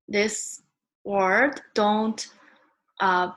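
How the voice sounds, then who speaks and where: A woman teaching a beginner Mandarin lesson, patiently modeling sounds and words for learners to repeat. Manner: slow, patient, models sounds loudly and high.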